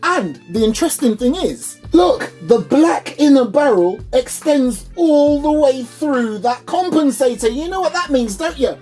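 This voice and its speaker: A man doing an upbeat, high-pitched reviewer persona, playfully showing off a product in his small home studio. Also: lively intonation, a little slow, hardly any pauses, a little mellow, soft background music. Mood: enthusiastic. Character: chirpy high-voiced male gun reviewer persona.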